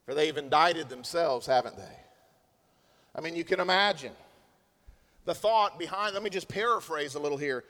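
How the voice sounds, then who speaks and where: A man preaching a sermon as a pastor, swinging between loud stressed lines and hushed asides. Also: fairly high pitch, moderate pace, pauses often. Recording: long hall reverb.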